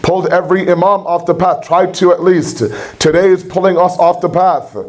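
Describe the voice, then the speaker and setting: Male lecturer, religious talk, conversational, rhetorical questions, humorous, high-pitched. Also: flat delivery, a little fast. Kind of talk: sermon-style lecture.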